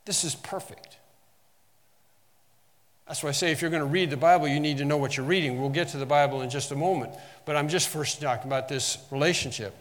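A man teaching through a sermon, with a voice that sits a little high for a man. He stresses the verses he quotes and often restarts his phrases. His voice carries a long reverb, as in a large hall. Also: fairly quick. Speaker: Bible teacher.

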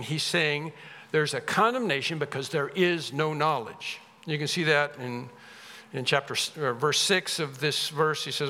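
A man's voice: on the high side, bright, forceful tone. A man preaching a sermon, emphatic, often repeating phrases with rising force. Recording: reverberant hall.

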